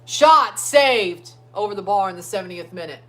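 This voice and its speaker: Excitable man cheering through a sports watchalong. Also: sits high, moderate pace. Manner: excitable, chants and cheers at players. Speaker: livestream host. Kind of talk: casual watchalong commentary. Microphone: phone streaming app.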